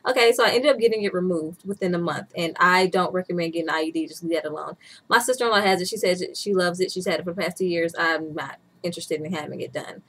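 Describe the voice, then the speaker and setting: A woman's voice: on the low side, fast, a bit bright. A woman in her twenties chatting candidly as a vlogger, laughing often as she talks. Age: 20s. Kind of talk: casual chat.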